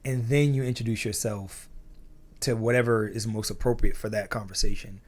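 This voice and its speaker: Animated man telling stories. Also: fairly low pitch, moderate pace. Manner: animated, acts out scenes in voices. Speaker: guest. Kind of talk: casual conversation.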